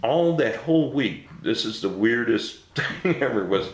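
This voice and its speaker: A man's voice: medium pitch, animated, a little slow, roomy sound. A man recounting his life story in a casual interview, blunt and laughing often between stories. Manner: blunt, mild swearing. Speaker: interview guest.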